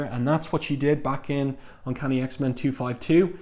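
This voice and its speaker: A man giving a measured, panel-by-panel review of a comic book, pausing often with "um". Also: medium pitch, fairly even intonation, a little mellow. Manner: measured, thoughtful, frequent "um" fillers.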